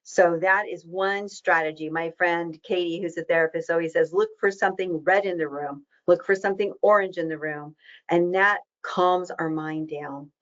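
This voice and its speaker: A woman giving a webinar in a warm, reassuring and conversational way, with casual asides. Her voice sits a little low. The audio is dull and muffled. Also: steady tone. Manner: conversational with fillers and quick asides. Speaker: diabetes educator leading a webinar. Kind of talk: webinar presentation.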